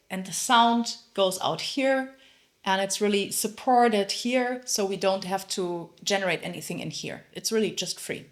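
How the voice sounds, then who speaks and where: Woman, vocal coach, bright tone, singing lesson, sung demonstrations. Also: mid-range voice. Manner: demonstrates sung exercises between explanations.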